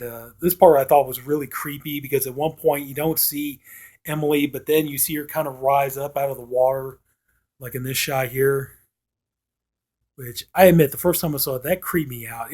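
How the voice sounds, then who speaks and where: A man with an average-pitched voice talks through a movie's plot in a loose, casual way. He rambles, leans on fillers, and slips briefly into the characters' lines as he retells them. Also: a little mellow. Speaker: film reviewer.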